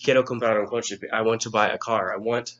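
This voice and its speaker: A man's voice: on the low side, steady tone, fairly quick, a bit bright, highs cut off. A male Spanish teacher patiently walking students through an exam review lesson, step by step.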